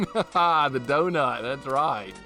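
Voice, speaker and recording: A man's voice: medium pitch, lively intonation, extremely slow, bright, forceful tone. A man from Alabama, chatting casually with viewers while streaming a game, reading chat aloud and laughing often. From Alabama, USA. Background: game music.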